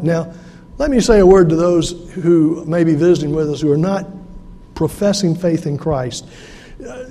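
High-voiced pastor in a reverberant hall. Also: male voice, dark tone, breathy edge. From South Carolina. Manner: earnest, conversational preaching with restarts. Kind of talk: sermon. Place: church sanctuary.

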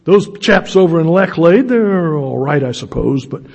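Guy doing a stuffy old english colonel, fairly high husky voice, kinda dull sound. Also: animated, normal speed, a little mellow, big-room sound. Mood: pompous. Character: older retired male English colonel, pompous. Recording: dull lo-fi recording.

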